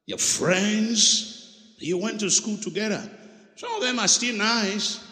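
Man preaching, lively, ringing bright voice, lots of hall echo. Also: high-pitched. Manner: animated preaching, calls out to the congregation. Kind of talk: sermon. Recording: echoey hall with long reverb.

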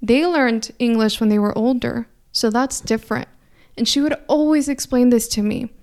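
A woman's voice: a little high, normal speed, a little mellow. A young woman from California, a native Spanish speaker with a slight Mexican Spanish accent, telling a reflective personal story in an earnest, thoughtful way. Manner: earnest, thoughtful, frequent restarts.

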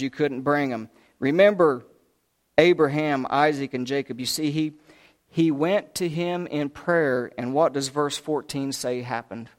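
Folksy man preaching a sermon. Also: a little high. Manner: folksy, conversational storytelling.

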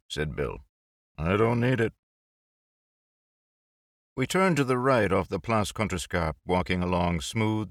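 A man with a low-pitched voice narrates an audiobook, measured and expressive in a storytelling manner. The studio-quality recording has no room sound.

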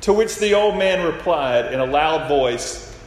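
A man's voice: animated, a little slow. Man preaching in an echoey hall. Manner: retells stories, acting out quoted lines with rising pitch. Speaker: pastor. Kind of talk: sermon with storytelling. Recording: echoey hall with faint noise.

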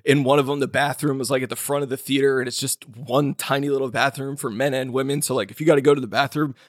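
A man's voice: medium pitch, fairly even intonation, quick pace, no room sound, clean studio sound. A man co-hosting a podcast in casual chat, rambling loosely with lots of filler words and the odd swear. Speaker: podcast co-host.

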